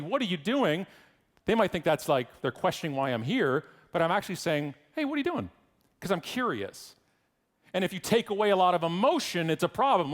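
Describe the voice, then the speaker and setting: Irreverent, joking male keynote speaker. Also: high-pitched. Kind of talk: conference keynote speech.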